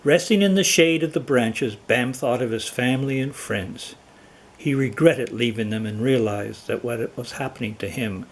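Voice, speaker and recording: A man telling a children's animal folktale in a slow, expressive storytelling manner. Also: mid-range voice, slightly rough.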